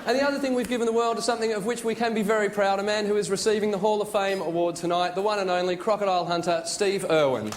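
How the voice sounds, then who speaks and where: Hosting an awards ceremony in a big theatre, this Australian man tells jokes with dry, wry timing. He talks fast with few pauses, his high voice holding a steady tone, and the live recording carries crowd sounds and noise.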